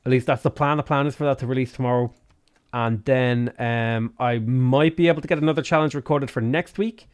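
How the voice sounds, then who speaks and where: A man's voice: mid-range voice, brisk, clear, resonant tone. A man with a Dublin Irish accent giving chatty live gameplay commentary, swearing freely with bursts of exasperation. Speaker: game streamer.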